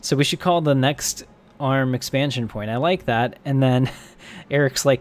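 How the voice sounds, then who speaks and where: A man's voice: medium pitch, unhurried. A man live-streaming a strategy game, chatting casually, joking and laughing often as he thinks aloud.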